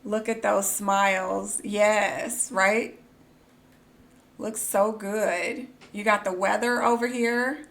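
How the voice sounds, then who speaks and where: A young woman live-streaming, chatting casually and reacting excitedly, gasping and squealing, then muttering quietly to herself. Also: medium pitch, slow, gravelly.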